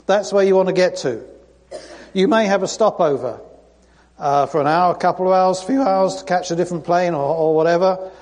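A man's voice: high voice, a little mellow. A man preaching a sermon, chatty and informal, lifting his voice when he reads scripture. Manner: conversational, reads scripture with rising emphasis. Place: church sanctuary. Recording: church sound system with long reverb.

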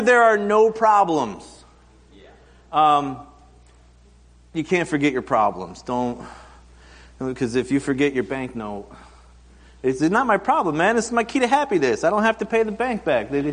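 A man in his thirties preaching a conversational sermon, telling stories and acting out quoted voices for humor. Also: mid-range voice. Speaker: pastor. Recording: long hall reverb.

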